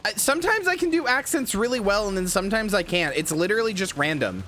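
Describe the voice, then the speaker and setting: Guy streaming a game and rambling to chat, kinda high voice bouncing all over, swears a lot, game noise underneath. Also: sing-song, fast talker, bright, forceful tone. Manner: rambling, profane, laughs at himself. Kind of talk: casual live-stream chat while gaming.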